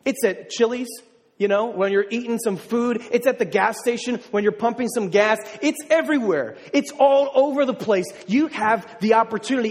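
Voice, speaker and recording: A man preaching a sermon as a pastor, telling a personal story and building to emphatic declarations. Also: very high-pitched. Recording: long hall reverb.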